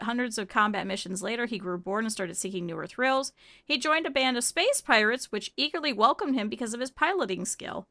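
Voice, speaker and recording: Bright, chatty woman streamer with a lisp. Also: mid-range voice, vocal fry. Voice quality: slight lisp. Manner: chatty and animated, often laughing. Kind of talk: casual gameplay chat with viewers.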